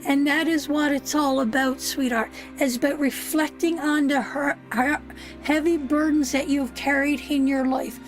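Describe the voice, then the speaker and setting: A woman's voice: sits high, steady tone, normal speed, soft background music. A woman giving a live tarot reading. She is soothing and emphatic, keeps calling the listener sweetheart, and swears now and then. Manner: soothing, repeats "sweetheart" often, emphatic and earnest. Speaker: tarot reader.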